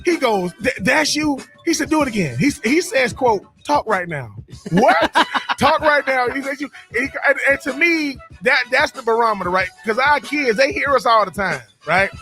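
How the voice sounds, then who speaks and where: A man's voice: extremely high pitch, animated, moderate pace, bright, forceful tone, faint music behind. A man, co-hosting a radio show, telling stories in a casual chat with frequent repeats and laughs. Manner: repeats words and restarts, laughs often.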